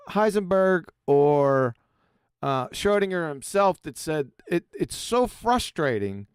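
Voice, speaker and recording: A man with a fairly high, smooth and clear voice argues insistently on a live call, lecturing and circling back over his points. The sound is dry and close, with no room around it. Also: dry recording. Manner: insistent, lecturing, repeats himself. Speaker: host. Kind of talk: casual debate on a live call.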